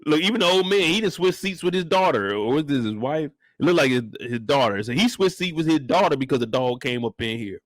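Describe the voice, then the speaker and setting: A man's voice: on the high side, fairly quick, few pauses, no room sound, studio quality. A man hosting a comedic reaction rant about a TV episode, swearing freely and breaking into laughter often. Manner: animated, profane, laughing often. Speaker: show reaction host.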